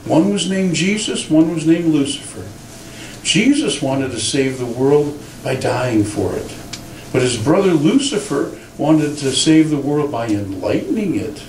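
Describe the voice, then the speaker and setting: A man, a pastor, preaching a sermon in an animated, storytelling way in a church. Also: on the high side, unhurried, slight background noise. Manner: animated storytelling with acted quotes. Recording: roomy church sound from a distant mic.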